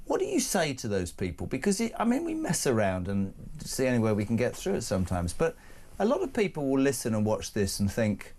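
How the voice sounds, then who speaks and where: Male talk host, a lively voice that jumps up and down in pitch, banters and restarts his lines. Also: a little fast. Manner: animated, restarts phrases, jokey asides. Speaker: radio and TV talk show host. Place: broadcast studio. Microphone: studio microphone.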